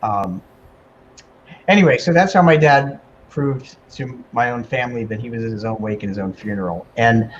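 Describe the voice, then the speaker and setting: A man guest on a talk radio show, telling an emotional personal story in a casual, animated way with many fillers. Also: medium pitch, normal speed, muffled recording, a little hiss or hum. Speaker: guest medium and author.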